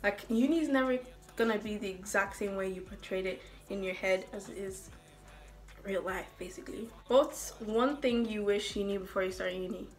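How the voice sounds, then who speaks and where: A woman's voice: medium pitch, moderate pace. A young woman from Ireland with an American-sounding accent, chatting casually in a Q&A vlog and rambling with lots of asides to her viewers. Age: young adult. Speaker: student vlogger.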